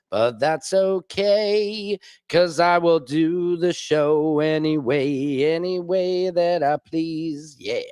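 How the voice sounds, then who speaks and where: Guy hosting a jokey news stream, kinda high voice, dry close mic, riffs a lot. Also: clean tone, no room sound. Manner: joking, riffing, mock voices of others. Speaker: comedic news show host. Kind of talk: casual comedic commentary livestream.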